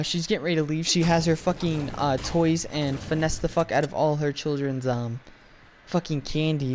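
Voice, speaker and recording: A man's voice: fairly high pitch, slight background noise. A young man telling a profane, rambling story while gaming, full of filler words. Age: young adult. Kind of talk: casual rant while gaming.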